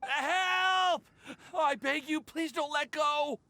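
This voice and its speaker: A man's voice: very high-pitched, slow pace, bright, forceful tone, no room sound, full character voice. An actor voicing a nervous, lovestruck young man in a game, who stammers when flustered. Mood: panicked. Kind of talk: game voice acting.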